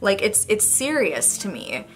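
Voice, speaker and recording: In her bedroom, facing a camera on a tripod, a young vlogger opens up in a rambling, emotional personal confession. She speaks in a mid-range, sing-song voice without hurrying.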